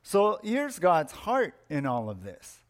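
A man's voice: fairly high pitch, huge pitch swings, slow pace. A middle-aged man, a pastor, preaching a sermon in an explanatory teaching manner, repeating his points for emphasis.

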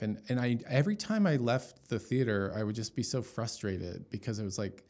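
A man's voice: fairly low pitch, expressive, normal speed, a little mellow. A man giving an emotional personal testimony as an interview guest, talking in a storytelling way with many fillers and restarts.

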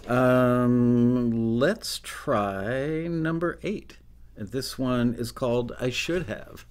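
A man's voice: medium pitch, lively intonation, slow pace. A man hosting a casual livestream, chatting and joking while reading out audience comments and votes. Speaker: host of a song-listing review livestream.

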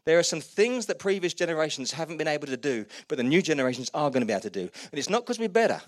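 A man preaching a sermon, retelling Bible stories with humour and animated quoted voices. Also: on the high side, very fast, no echo. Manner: lively storytelling, voices quotes, laughs at own jokes.

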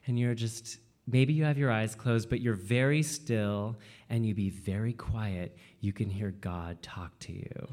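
Animated man telling a personal story. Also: fairly low pitch. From Washington state, USA. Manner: animated, jumps into quoted voices, many "like" fillers.

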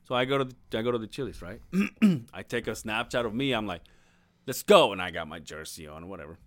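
A man on a podcast, spinning an embarrassing story in a loose, foul-mouthed way, his pitch bouncing up and down. The sound is dry and close, with no room around him. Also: brisk, dry recording. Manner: animated storyteller, swears a lot, laughs mid-story. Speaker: podcast co-host. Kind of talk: casual storytelling chat.

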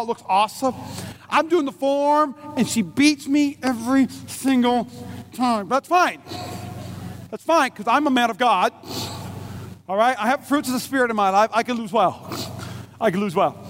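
A man with a strikingly high voice preaches at a church service, joking through a story about his competitive wife. He keeps turning to the room with quick questions. A faint hiss sits under the recording. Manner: playful storytelling, frequent audience check-ins. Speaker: pastor. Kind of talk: humorous sermon.

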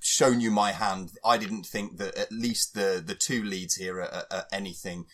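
A man hosting a casual film review chat, wry and animated. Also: low-pitched, moderate pace. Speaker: podcast host.

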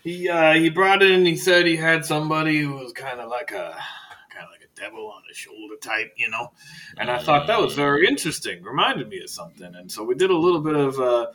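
Faust, a man doing a loud old librarian. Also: on the high side, lively intonation, brisk, voice pushed up. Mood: rambling. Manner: loud, crass, rambling. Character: tiny eccentric old male librarian, gruff.

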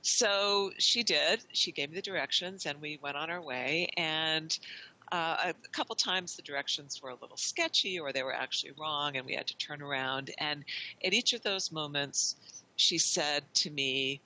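A middle-aged woman, a wayfinding consultant appearing as a podcast guest, tells a long story in a very bright, ringing voice that is also low-pitched, at normal speed. She chats freely with many restarts and quoted dialogue, on a rough recording.

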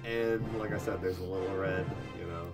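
A man's voice: low voice, fairly even intonation, normal speed, over loud music. A man narrating as game master of a tabletop game, describing scenes in rambling, filler-heavy speech.

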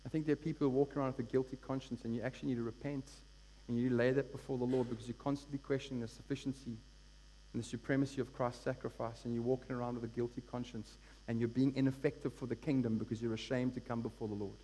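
A man's voice: medium pitch, level tone, fast talker, mellow. A man preaching a sermon as pastor, earnest and building to emphatic peaks. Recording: long hall reverb with mains hum.

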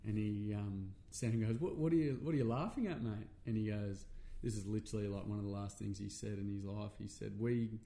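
A man's voice: on the low side, steady tone, fairly quick, gravelly, hardly any pauses, warm tone. A middle-aged Australian man, a men's workshop facilitator, telling a personal story in casual, earnest talk with plenty of fillers and swearing.

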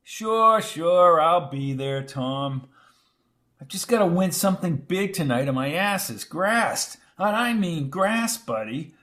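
A man voicing a brash, hurried young male reporter who talks loud and pushy. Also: high-pitched, lively intonation, voice pushed up, exaggerated voice. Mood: pleading.

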